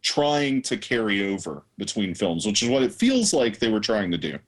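Lowish-voiced man, relaxed film talk. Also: moderate pace. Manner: relaxed, analytical with some swearing. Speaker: podcast co-host. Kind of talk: casual movie review chat.

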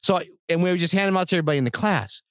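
Slightly higher-voiced man telling an anecdote. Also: animated, very fast, a bit bright, no room sound, clean studio sound. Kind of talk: casual storytelling chat.

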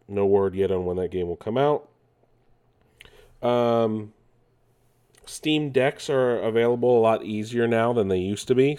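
A man's voice: fairly low pitch, darkish tone. A man casually hosting gaming news, rambling with many fillers and restarts. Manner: rambling, with frequent fillers and self-corrections.

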